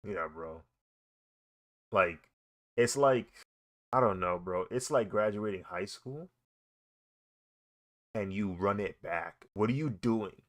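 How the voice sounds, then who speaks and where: A man's voice: on the low side, animated, takes it slowly, long pauses, a bit bright. A young man, chatting casually and rambling while he draws, laughing often and saying "bro" a lot. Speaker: artist streaming a drawing session. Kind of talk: casual chat while drawing.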